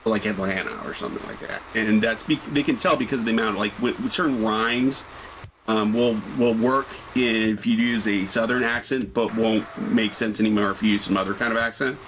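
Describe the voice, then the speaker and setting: A man's voice: lowish voice, steady tone, a little fast, a bit bright, a little hiss or hum, low-quality recording. A man co-commentating a game tournament livestream, speaking casually and hesitantly with many fillers.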